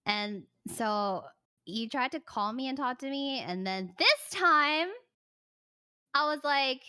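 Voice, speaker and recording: A young woman with a bright, slightly high voice chats casually on a livestream. She tells her story in an animated, chatty way and keeps pausing to thank her viewers. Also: clean tone, no room sound, studio quality.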